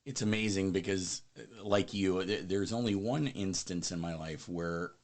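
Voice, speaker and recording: A man's voice: low voice, normal speed. A man hosting a podcast, reflective in casual interview chat, stammering now and then as he gathers his thoughts. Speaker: podcast host.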